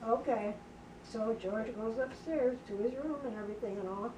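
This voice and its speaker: A woman's voice: fairly high pitch, moderate pace. An older woman telling a family story in casual talk, often asking her listeners if they can believe it. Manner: chatty narrator who keeps checking in with listeners. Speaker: sibling sharing family memories. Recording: roomy, distant mic, faint background noise.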